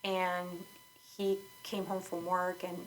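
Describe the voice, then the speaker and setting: A woman's voice: fairly low pitch, completely flat delivery, slow, a little hiss or hum, low-quality recording. A woman guest on a podcast, candidly telling her own story in conversation, outspoken and frank, with lots of fillers and restarts.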